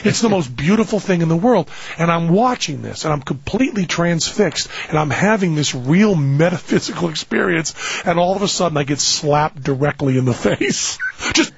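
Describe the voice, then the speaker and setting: A man hosting a radio talk show, telling a story in a casual way, shouting the lines he quotes and laughing often. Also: fairly high pitch, vocal fry, husky, highs cut off.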